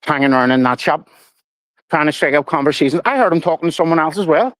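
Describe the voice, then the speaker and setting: A man's voice: on the high side, expressive, quick pace, fairly bright tone, dry recording, low-quality recording. Middle-aged male streamer, sweary and rambling, dry close mic. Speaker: livestream host. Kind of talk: casual livestream chat.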